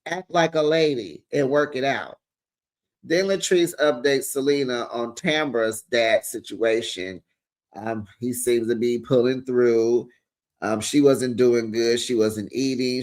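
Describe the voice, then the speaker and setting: A man hosting a casual reality TV recap, sassy and animated, talking straight to his viewers. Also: mid-range voice.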